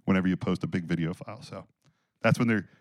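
A man's voice: low voice, fast talker, no echo. A man co-hosting a podcast in casual banter, rambling and swearing, getting over a cold. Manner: rambling, profane, laughs often. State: recovering from a cold. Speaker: podcast co-host.

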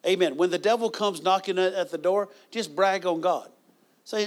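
A man preaching a sermon in a conversational way, with bursts of loud praise and chuckles as he tells stories. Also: high voice, moderate pace. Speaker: pastor.

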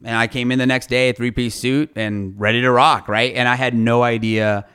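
A man, a lawyer, telling stories from his career in a casual, animated interview and swearing casually. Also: mid-range voice, normal speed, clear, resonant tone. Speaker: guest, lawyer.

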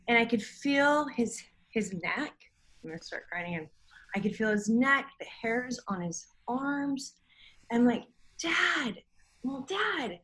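Middle-aged woman, bright tone, emotional rambling storyteller, casual chat. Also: medium pitch, poor audio.

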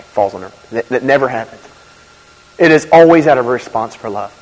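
A man preaching a sermon in a conversational, animated way, with asides and quick laughs. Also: mid-range voice. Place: church. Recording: reverberant hall.

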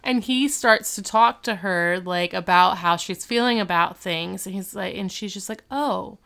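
A woman with a smooth, clear voice at a medium pitch chats through a TV episode. She laughs readily and leans on "like" and "um" as she recaps. The delivery is loose and conversational. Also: moderate pace, pushed and bright. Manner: laughs often, fillers like "like" and "um". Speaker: podcast co-host. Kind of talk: casual chat recapping a TV episode.

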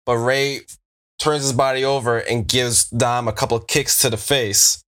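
A man runs a tabletop wrestling game and narrates the action. He has a relaxed, loose delivery at a mid pitch, and he hedges a lot as he talks. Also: moderate pace. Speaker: game master.

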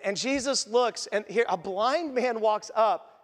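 A man's voice: sits high, unhurried. A male pastor giving a conversational sermon, asking the congregation questions and acting out the people in the story. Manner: asks the congregation questions and acts out quotes. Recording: long reverb of a large church hall.

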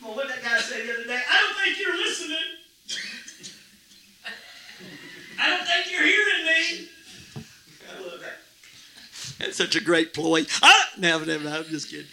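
Lively high-voiced preacher man. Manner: animated, jokey preaching with bursts of shouting. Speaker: pastor. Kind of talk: sermon. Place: church.

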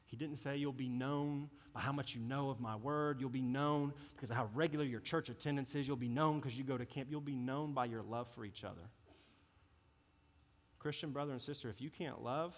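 A man preaching a sermon as a youth pastor, earnest and impassioned in a conversational way. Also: mid-range voice. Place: church service hall. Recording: reverberant hall.

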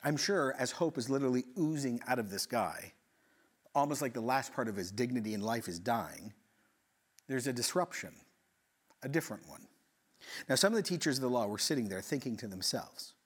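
A male pastor preaching a sermon, retelling a scene in a lively storytelling way with acted-out voices and quick asides. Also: mid-range voice, slightly rough.

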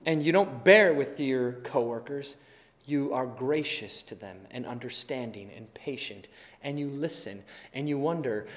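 A pastor giving a sermon in a relaxed, conversational way, acting out little everyday scenes as he goes. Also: medium pitch, measured pace. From Wisconsin, USA. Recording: long hall reverb.

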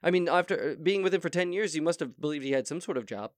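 A man playing a relationship-advice talk-show host in an improvised comedy sketch, halting and stammering in formal phrasing. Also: on the high side, lively intonation, no room sound, studio quality, natural voice. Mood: apologetic.

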